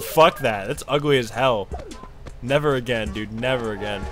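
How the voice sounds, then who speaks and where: A young man giving casual, profane commentary while streaming a game, with frequent loud outbursts. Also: medium pitch, normal speed, faint music behind. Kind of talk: casual live gameplay commentary.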